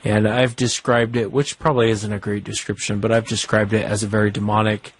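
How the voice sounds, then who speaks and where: A man's voice: lowish voice, little pitch movement, a little fast, slightly rough, no echo. A man hosting a call-in show, talking to a caller in an earnest, reassuring way and repeating phrases for stress. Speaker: host. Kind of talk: talk radio chat.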